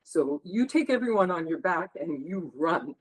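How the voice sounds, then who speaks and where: A woman on a group video call sharing something personal, halting and restarting, with nervous laughs. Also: on the low side, very animated, low-quality recording. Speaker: call participant.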